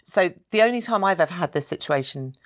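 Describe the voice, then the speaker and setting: A middle-aged woman, a wedding planner, chatting casually on a podcast and telling animated stories. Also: lowish voice, quick pace, dry recording, clean studio sound. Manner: animated storyteller, laughs often.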